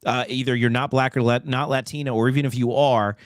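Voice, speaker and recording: A man's voice: mid-range voice, fairly even intonation, brisk, dry recording, clean studio sound. A man hosting a political chat show, easygoing and agreeable, with plenty of fillers. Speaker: host.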